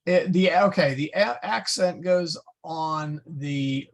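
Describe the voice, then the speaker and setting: A man teaches a Latin class at an unhurried pace, reading out verb endings one by one. His voice sits a little high for a man and has a gravelly edge. He stumbles now and then and corrects himself. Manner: slow, patient, stumbles and self-corrects; spells out Latin forms one by one. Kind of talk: classroom lesson.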